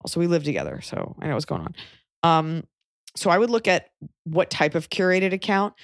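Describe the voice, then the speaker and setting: A woman's voice: lowish voice, very animated, a little fast, no echo, studio quality. A woman hosting a podcast, giving frank advice in casual chat with joking asides. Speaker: podcast host.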